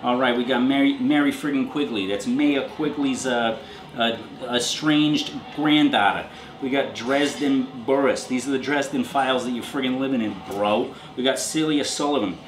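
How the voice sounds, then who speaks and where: A man's voice: mid-range voice, moderate pace, echoey room, rough recording. A man hosting a show, reading names aloud in a casual comedic roll call and riffing crude jokes on each one. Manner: jokey, riffs on names, crude asides. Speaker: show host reading out donors.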